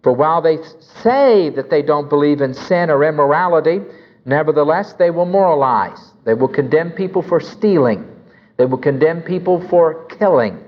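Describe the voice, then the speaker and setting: A man's voice: fairly high pitch, animated, moderate pace. A man lecturing on Christian apologetics, emphatic and full of anecdotes, acting out the conversations he tells about. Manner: emphatic, anecdotal, acts out dialogue. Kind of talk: recorded lecture with storytelling. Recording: dull recording with long hall reverb.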